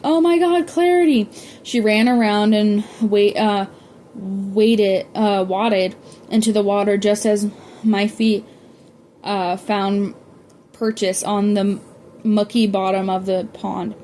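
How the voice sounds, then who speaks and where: A woman's voice: mid-range voice, level tone, takes it slowly, warm tone, a little hiss or hum. A woman reading a novel aloud, often stumbling and correcting herself as she goes. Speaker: audiobook reader.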